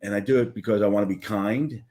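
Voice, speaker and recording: A man speaking as a guest in an interview, telling a personal story in a reflective way and dropping to a soft, quiet voice at times. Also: fairly low pitch, steady tone, fast talker. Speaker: guest, business founder.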